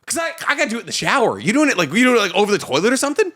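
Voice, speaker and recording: A man co-hosting a podcast in crude, excitable casual banter, cursing often. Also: high voice, rapid-fire. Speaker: podcast co-host. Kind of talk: casual chat.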